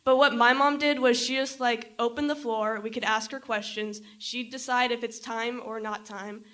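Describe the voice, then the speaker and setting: An eighteen-year-old woman speaking as a guest on a live podcast, hesitant and halting. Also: a little high, fairly even intonation, fairly bright tone. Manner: hesitant, halting, full of fillers. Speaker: audience guest.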